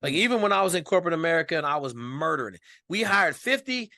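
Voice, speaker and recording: A man as a podcast guest, telling stories in a colloquial, emphatic, animated way. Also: on the high side, fast, no echo, clean studio sound. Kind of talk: casual storytelling interview.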